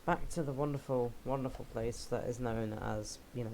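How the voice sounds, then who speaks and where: A man's voice: mid-range voice, normal speed, a little mellow, a little hiss or hum, low-quality recording. A young man giving rambling, jokey commentary while playing a game, often poking fun at himself. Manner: rambling, jokey, self-mocking asides. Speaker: game let's player. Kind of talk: casual gameplay commentary.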